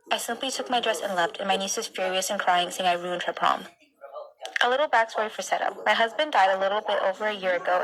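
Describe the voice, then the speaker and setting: Young woman, brisk storytelling, chatty, informal, lots of filler words, mid-pitched voice. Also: rough recording. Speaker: storytime ASMR creator. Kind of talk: casual storytelling.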